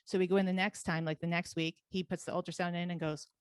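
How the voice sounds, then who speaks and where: A woman talking as a podcast guest, telling a personal story in a rapid, animated way and laughing often. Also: fairly low pitch, smooth, no room sound. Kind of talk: casual interview storytelling.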